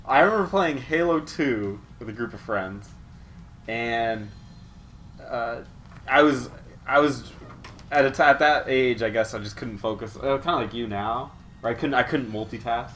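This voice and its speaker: A man's voice: medium pitch, moderate pace, fairly bright tone, a little hiss or hum. A man co-hosting a podcast in casual chat, telling embarrassing gaming stories about himself and laughing at them. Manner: self-mocking, laughs at his own stories. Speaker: podcast co-host.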